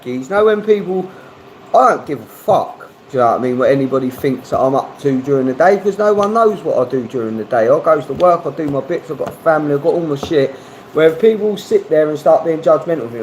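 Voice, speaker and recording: A man's voice: fairly high pitch, lively intonation, fast, a little mellow, a little hiss or hum, poor audio. A man chatting casually on a livestream, laid-back, swearing freely and reading chat messages aloud. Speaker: livestream host.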